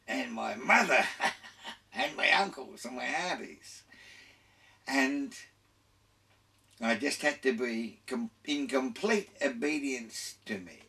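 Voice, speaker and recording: A man's voice: medium pitch, pushed and bright, far from the mic. An older man with an Australian accent, a radio guest telling his life story in a rambling way, full of restarts and laughter.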